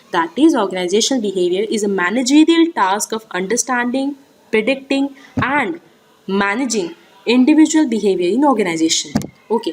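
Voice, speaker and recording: A woman's voice: fairly high pitch, poor audio. A woman with an Indian English accent giving an exam-prep lecture, explaining step by step and repeating key points with frequent fillers.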